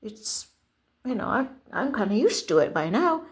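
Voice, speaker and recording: An older woman telling a casual rambling story to camera, halting and restarting often. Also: fairly high pitch, very animated. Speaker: vlogger.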